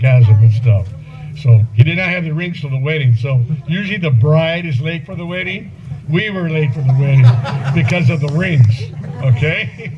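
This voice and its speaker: A man in his seventies giving a eulogy for an old friend at a memorial gathering, rambling through anecdotes with chuckles and fillers. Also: a little high. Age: 70s. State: voice breaking with emotion at times. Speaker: eulogy speaker, old friend and former police partner. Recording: muffled event recording with loud background noise.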